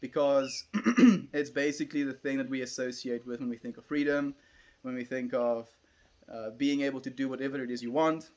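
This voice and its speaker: A man's voice: medium pitch, flat delivery, fairly quick, darkish tone. A young South African man, an Afrikaans speaker, chatting casually on a livestream and musing as he answers viewers.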